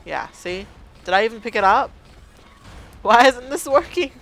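A man's voice: extremely high pitch, animated, normal speed, creaky, fairly bright tone. A man doing let's play commentary, hesitantly muttering to himself as he works out the game controls. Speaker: gameplay commentator.

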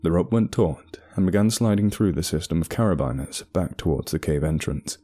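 A man narrating a horror story in a measured, ominous way. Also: deep voice, lively intonation, warm tone. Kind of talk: scripted narration. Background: faint music.

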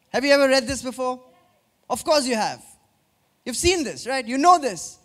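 High-voiced pastor preaching with questions. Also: male voice. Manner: interactive preaching with questions to the congregation; drops low and slow for emphasis. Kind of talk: sermon.

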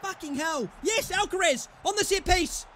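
A young man with a strikingly high voice rants through his football management game, swearing hard and shouting at his players. There is a faint hiss of background noise behind him. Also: lively intonation, moderate pace. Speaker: gaming YouTuber. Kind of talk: live gameplay commentary.

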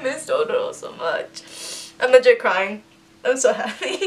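A woman chatting casually through an unboxing, gushing and excitable, swearing freely. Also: fairly high pitch, measured pace, recorded from a distance. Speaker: vlogger unboxing fan merch. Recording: voice a bit off-mic, soft music behind.

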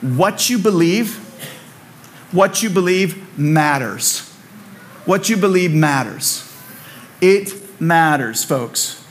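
A man's voice: a little high, lively intonation, takes it slowly, pauses often. A man preaching a sermon in a church, conversational and repetitive, with humorous asides. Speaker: pastor. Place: church sanctuary.

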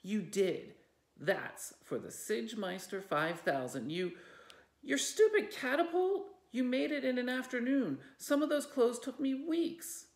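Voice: medium pitch, huge pitch swings, measured pace, hardly any pauses, voice pushed up. A library reader voicing a furious older sister who shrieks in tearful outbursts. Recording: roomy echo.

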